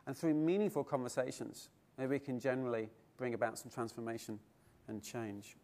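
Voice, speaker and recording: A man's voice: mid-range voice, a little fast. A middle-aged man giving a keynote speech at a conference, telling stories and asking his audience rhetorical questions. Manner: lively storytelling with rhetorical questions. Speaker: keynote speaker. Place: conference hall.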